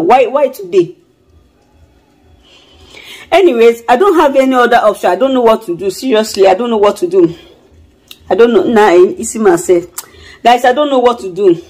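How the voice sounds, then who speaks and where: A woman's voice: on the high side, expressive, normal speed, pauses often, darkish tone, husky, rough recording. A Nigerian woman chatting casually to her viewers in a home vlog, fretful and repeating herself. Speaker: vlogger.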